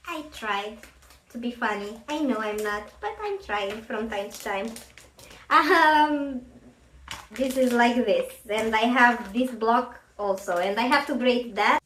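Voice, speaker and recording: A woman vlogging as she cooks at home, chatty and self-deprecating, thinking aloud as she works. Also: fairly high pitch. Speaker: cooking vlogger. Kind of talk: casual cooking chat. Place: home kitchen. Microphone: camera at a distance, face out of frame. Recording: roomy kitchen, mic far off, faint noise.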